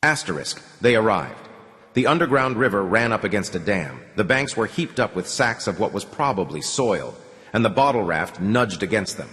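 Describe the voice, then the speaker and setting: A man reading an audiobook aloud in an expressive storytelling way. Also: fairly low pitch, moderate pace. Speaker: audiobook narrator. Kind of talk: scripted narration. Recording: long hall reverb.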